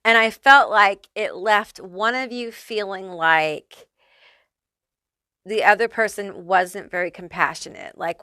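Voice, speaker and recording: A woman's voice: medium pitch, slow pace, sharp tone, smooth, no echo, clean studio sound. A woman giving a casual pick-a-card tarot reading, chatty and loose, swearing freely and using lots of fillers. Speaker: tarot reader.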